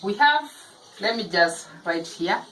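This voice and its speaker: A woman gives a phonics lesson at a very unhurried pace, sounding out each syllable with care and repeating it. Her voice sits at a middle pitch. A faint hum of background noise runs under the recording. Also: lively intonation, a bit bright, poor audio. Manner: slow, deliberate, repeating each syllable aloud. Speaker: teacher. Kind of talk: phonics lesson for parents of young children.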